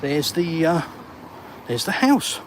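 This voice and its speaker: A chatty, jokey Englishman walks and talks on a live stream, bantering with his viewers in a slightly raised voice. He holds his phone as he strolls outdoors, and clear street traffic rumbles behind him. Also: big pitch swings, slow pace. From England. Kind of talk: walk-and-talk live stream, reading viewer comments.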